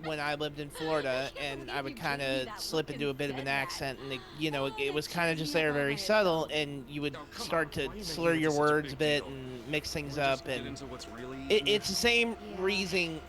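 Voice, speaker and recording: A man's voice: a little high, normal speed. A man with a Northeastern American accent, chatting animatedly and swearing freely during a let's play, often stammering. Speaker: streamer. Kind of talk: casual chat.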